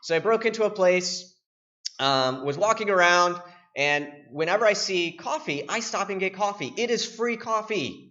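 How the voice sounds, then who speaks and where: A young man with a fairly high voice tells animated, joking stories from the stage of a tech conference. He talks casually and slips into little acted voices. The recording is dull and lo-fi. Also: normal speed. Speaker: penetration tester giving a conference talk. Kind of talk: casual, storytelling conference talk. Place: conference room.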